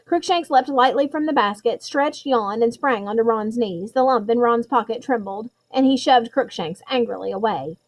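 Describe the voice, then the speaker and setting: A woman's voice: on the high side, moderate pace, hardly any pauses, rough recording. A woman narrating a novel as an audiobook reading, telling it expressively and stumbling over a word now and then. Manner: expressive storytelling with occasional slips.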